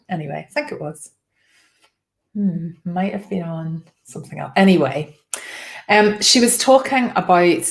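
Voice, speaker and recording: Woman chatting on a live stream, kinda low voice, throat a bit tired. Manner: chatty, rambling, greets viewers by name. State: slightly strained throat. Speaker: host. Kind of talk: casual live-stream chat.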